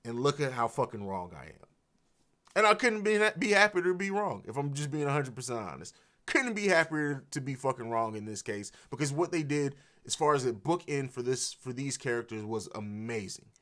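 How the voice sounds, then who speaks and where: A man's voice: medium pitch, animated, brisk, fairly bright tone. A man hosting a live reaction stream, talking with emotion, swearing freely and restarting his sentences. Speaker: livestream reaction host. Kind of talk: emotional unscripted reaction livestream. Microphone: streaming mic.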